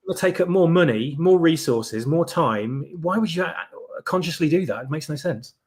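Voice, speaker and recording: A man with a fairly high voice chips into a casual podcast chat with quick, reasoned asides, speaking a little away from the mic. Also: expressive.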